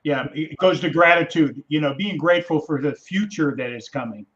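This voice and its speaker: A man hosting a podcast interview, chatting casually in a halting way with frequent restarts. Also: a little high, a bit bright, muffled recording. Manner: halting, conversational, with many restarts. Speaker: podcast host.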